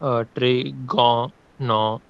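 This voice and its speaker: A male student speaks up in an online class with polite, hesitant questions. His voice is smooth and clear. The call audio is dry and a little dull. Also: medium pitch, steady tone, extremely slow, no room sound.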